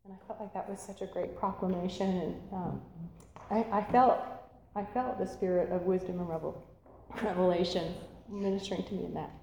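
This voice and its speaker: A woman preaching a sermon and telling stories, lively and animated, acting out voices as she goes. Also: on the low side, a little fast, creaky, heavy reverb, big-room sound, a little hiss or hum, low-quality recording. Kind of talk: sermon storytelling.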